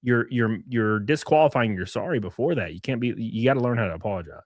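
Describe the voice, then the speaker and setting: A male co-host in casual livestream chat, talking in an animated way and often mimicking others' words. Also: medium pitch, fast, dry recording.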